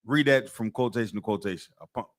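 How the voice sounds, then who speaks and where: A man's voice: on the low side, quick pace. A middle-aged man leads a scripture class. He lectures in a preaching style, emphatic and streetwise, and repeats his points for weight.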